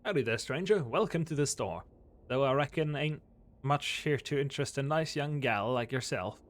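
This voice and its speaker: A man's voice: medium pitch, moderate pace, lightly acted. Man doing a drawling old cowboy. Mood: folksy. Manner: drawling folksy talk. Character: weary old cowboy man, folksy and lonesome. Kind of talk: voicing game dialogue.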